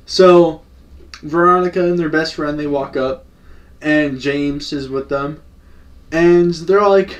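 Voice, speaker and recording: A man's voice: fairly high pitch, takes it slowly, recorded from a distance. A young man telling a story in casual slang, acting out the quotes. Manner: slangy, animated, acts out quotes. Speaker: storytime vlogger.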